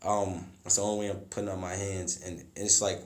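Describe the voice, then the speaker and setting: A young man telling a story in casual, slangy chat. He acts out the people in his story by jumping into a much higher, louder voice. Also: level tone, brisk, roomy sound, a little hiss or hum. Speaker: podcast guest telling a story.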